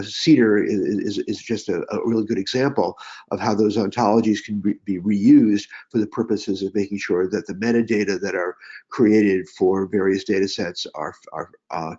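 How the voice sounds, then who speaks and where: A man explaining a technical point as a webinar panelist, measured and explanatory, with some restarts. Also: on the low side, steady tone, a little mellow, breathy edge. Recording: dull lo-fi online call audio.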